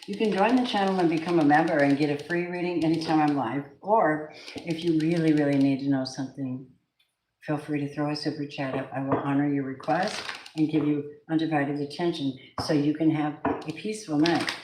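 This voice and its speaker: A woman's voice: low voice, steady tone, fairly quick, a little mellow, echoey room, a little hiss or hum, poor audio. A woman doing a live tarot reading, gushing over her viewers and swearing now and then. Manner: effusive, gushing address to viewers, occasional swearing. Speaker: tarot reader.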